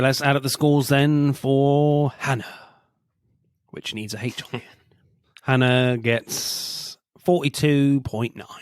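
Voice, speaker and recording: A man's voice: medium pitch, clean tone, no room sound, studio quality. A man co-hosting a film review podcast in casual chat, chuckling often as he talks. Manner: chuckles often while talking. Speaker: podcast co-host reviewing films.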